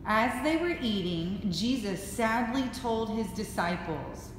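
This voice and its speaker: A woman narrates a school skit slowly and clearly, at an unhurried storytelling pace. A faint hiss sits behind her voice. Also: on the high side, animated.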